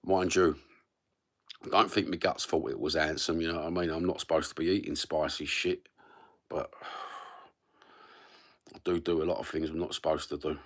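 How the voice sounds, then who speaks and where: A middle-aged man from London with a broad East London accent and a very deep, low voice. He rambles through a livestream chat in a sweary, matey way, peppering his talk with slang. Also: flat delivery, normal speed, pauses often, a bit bright. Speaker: livestream host.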